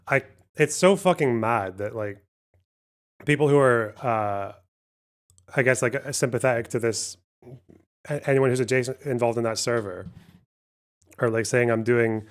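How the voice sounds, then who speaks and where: A man's voice: mid-range voice, a little slow, pauses often. Rambling, profane male streamer. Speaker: livestream host. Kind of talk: casual livestream chat.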